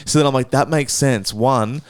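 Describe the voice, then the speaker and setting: A man co-hosting a podcast, spinning travel stories with plenty of swearing and acted-out voices. His voice is smooth and clear, and the sound is dry and close. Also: medium pitch, moderate pace, no echo. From Australia. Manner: animated, swears a lot, acts out voices in anecdotes. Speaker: podcast co-host. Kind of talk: casual storytelling chat.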